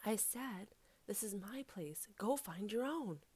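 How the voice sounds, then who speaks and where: A woman's voice: medium pitch, fairly even intonation, normal speed, natural voice. A woman storyteller voicing a sly, scheming male guinea pig trickster in a folk tale. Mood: hushed.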